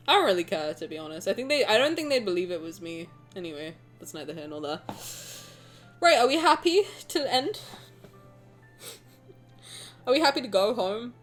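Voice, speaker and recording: Woman streamer, self-mocking and jokey, with a bouncy, expressive voice over quiet background music. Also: mid-range voice. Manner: animated, joking and self-mocking. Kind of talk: casual chat with viewers.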